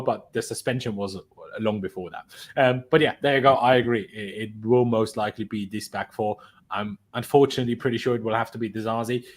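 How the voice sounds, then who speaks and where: A man hosting a casual football chat on a live stream, opinionated and talking through his reasoning aloud. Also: fairly low pitch. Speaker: host.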